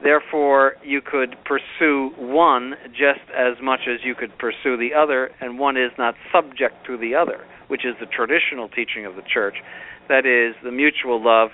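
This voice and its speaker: A man's voice: mid-range voice, steady tone, moderate pace. Stern man over a tinny line. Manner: emphatic, repeats points firmly. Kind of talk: stern doctrinal commentary. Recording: phone-like narrow band.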